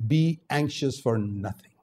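An older man from India preaching a sermon, swinging from low asides to loud, emphatic exhortation. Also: measured pace.

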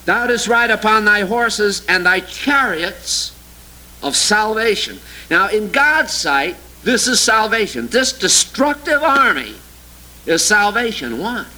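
A male preacher with a high, piercingly bright voice delivers a sermon and reads scripture aloud. He mocks opposing ideas with heavy sarcasm, jumping from loud outbursts to low, quiet asides. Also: slow, rough recording. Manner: sarcastic, mocking; animated, swinging from loud exclamations to low asides.

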